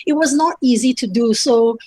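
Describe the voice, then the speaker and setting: Woman co-host, high breathy voice, lively, laughs a lot, dry sound. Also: moderate pace, dry recording. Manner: lively, laughs often, agreeable. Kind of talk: casual online talk show.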